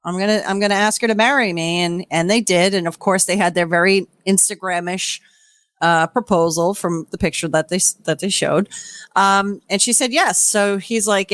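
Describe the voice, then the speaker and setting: A woman co-hosting a casual podcast, telling stories in an animated way, swearing freely and acting out what people said. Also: medium pitch, normal speed, no room sound. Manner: animated storyteller, swears freely, acts out quoted voices. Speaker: podcast co-host. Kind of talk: casual recap chat.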